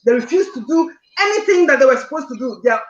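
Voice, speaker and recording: A woman's voice: high-pitched, lively intonation, fast, roomy sound, lo-fi sound. A woman caller on a live call-in show, earnestly recounting a distressing personal dispute and sometimes near tears. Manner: distressed, earnest, repeats points insistently.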